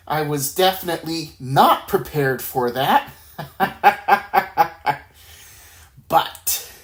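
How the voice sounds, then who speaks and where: A woman hosting a casual miniature painting tutorial, laid-back and thinking aloud, with frequent chuckles. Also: sits low. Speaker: miniature painting channel host.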